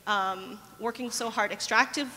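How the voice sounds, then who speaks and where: A woman on a conference panel speaks thoughtfully, pausing often and restarting her sentences. Her voice is bright and sharp, and a long hall reverb trails behind it. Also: on the high side, steady tone, a little hiss or hum. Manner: thoughtful, hesitant, with many fillers.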